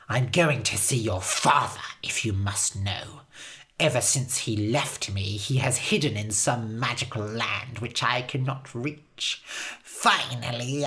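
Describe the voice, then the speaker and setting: A cruel old witch from a storybook, as a woman reader puts her on, cold and scornful as she gives orders. The voice sits very low yet has a bright, hard edge. Every line comes out commanding and contemptuous. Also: heavily acted.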